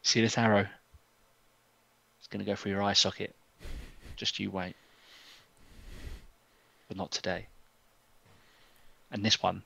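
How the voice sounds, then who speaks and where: A man voicing a menacing male elf archer who growls low, quiet threats. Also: flat delivery, quick pace, creaky, hardly any pauses, dry recording, heavily acted.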